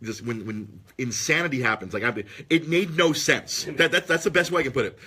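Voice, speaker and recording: A podcast host telling an excitable story in casual chat, swearing freely and breaking into loud, shrieking impressions. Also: male voice, medium pitch, brisk, breathy edge. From Los Angeles area.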